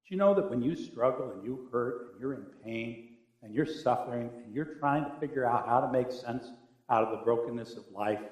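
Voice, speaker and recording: A male pastor preaching a sermon with animated, humorous storytelling. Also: medium pitch, moderate pace. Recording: echoey room.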